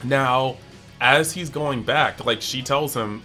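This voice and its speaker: Male anime reviewer, bright tone, loose and chatty, acts out quotes as he goes. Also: mid-range voice, soft background music. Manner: animated, acts out characters' lines in quick bits; chatty, heavy use of "like". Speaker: anime review channel host. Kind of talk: casual episode breakdown.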